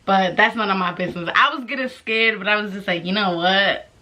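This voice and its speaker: A woman's voice: medium pitch, fairly quick, bright, forceful tone. A young woman casually telling a storytime vlog, brash and profane, laughing as she goes. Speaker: vlogger.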